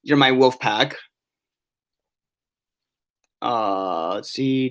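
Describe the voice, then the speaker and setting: A man's voice: medium pitch, moderate pace, a bit bright. A young man live-streaming from his bedroom, rambling to his chat with many restarts and fillers.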